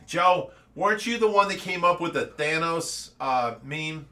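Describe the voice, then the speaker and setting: A man's voice: fairly high pitch, a little slow, recorded from a distance. A man from Ohio hosting a casual live-stream chat, telling stories with lots of energy and frequent laughter. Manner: animated storytelling, laughing often. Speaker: show host.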